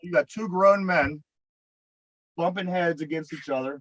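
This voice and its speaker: A man's voice: on the high side, moderate pace, a bit bright, no room sound. Exasperated Pittsburgh man telling a story. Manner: profane, exasperated, rambling with restarts. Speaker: podcast co-host. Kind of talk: casual storytelling. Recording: dry, dull lo-fi podcast mic.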